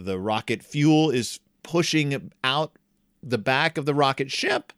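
Animated, jokey man reviewing a book. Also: medium pitch, smooth, no room sound, clean studio sound. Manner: animated and jokey, with wry asides.

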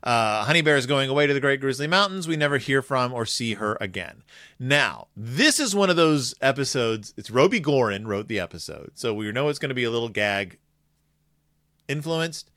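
Man, casual comedic recap, sarcastic, animated, lively pitch swings, dry room. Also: dry recording. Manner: animated, sarcastic, acts out characters in quick asides. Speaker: podcast host recapping a cartoon episode. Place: home room with shelves of toys.

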